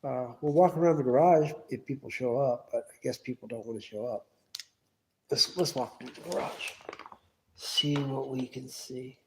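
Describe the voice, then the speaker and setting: A man's voice: medium pitch, moderate pace, a little hiss or hum. A man hosting a casual solo livestream from his garage on a phone camera, rambling and asking absent viewers lots of questions. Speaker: livestream host. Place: home garage.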